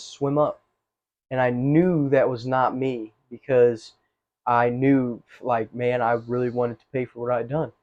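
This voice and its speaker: A man telling his life story with earnest, halting speech, full of restarts and fillers. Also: mid-range voice, darkish tone. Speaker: testimony guest. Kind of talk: personal testimony, casual storytelling. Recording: slightly dull, muffled recording.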